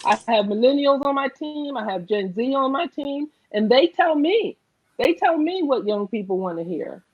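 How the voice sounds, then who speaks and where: Earnest woman with a New Jersey accent, a candidate on a panel, a bit high-pitched, slightly muffled line. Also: animated, normal speed, a little mellow. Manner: earnest, emphatic, says "right?" often. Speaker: political candidate. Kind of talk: online panel conversation.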